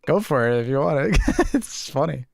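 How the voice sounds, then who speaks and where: A man's voice: a little high, lively intonation, moderate pace, gravelly, no echo. Laid-back young man streaming a game. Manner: laid-back, swears freely, chuckles often. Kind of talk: casual gaming chat.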